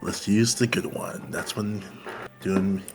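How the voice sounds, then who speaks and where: A man's voice: on the low side, steady tone, slow, over music. A man playing a tabletop game, talking casually and rambling about his character. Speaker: player.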